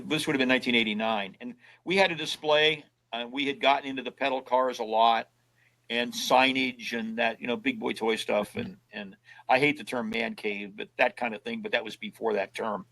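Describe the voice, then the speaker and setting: A man's voice: mid-range voice, fairly bright tone, rough recording. An older man, a guest in an interview, telling casual stories and acting out both sides of old conversations in a folksy way. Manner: folksy storyteller who acts out both sides of past conversations.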